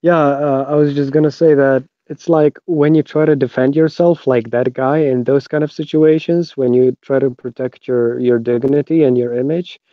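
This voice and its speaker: A man's voice: medium pitch, fairly even intonation, normal speed, few pauses, dry recording. A man chiming in on a casual podcast chat, starting his points hesitantly. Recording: dull dry lo-fi line.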